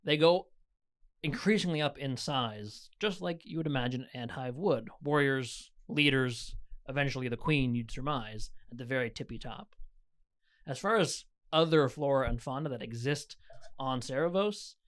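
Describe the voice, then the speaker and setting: A man at a middle pitch runs a tabletop session, talking through the scene in an easygoing, descriptive way. He drops small jokes as he narrates. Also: normal speed. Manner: descriptive, relaxed, lightly joking. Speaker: game master.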